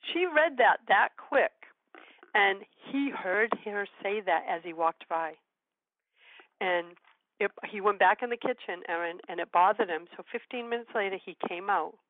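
An older woman hosts a radio talk show, chatting gently and telling stories in an encouraging way. Her voice comes through a thin, phone-like line with no room sound around it. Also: medium pitch, dry recording. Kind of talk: casual interview chat.

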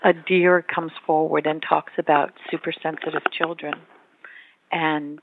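A woman's voice: low voice, flat delivery, a little slow, background noise. Female author guest with an earnest, spiritual way of speaking. Comes through a tinny phone line. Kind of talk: casual conversation.

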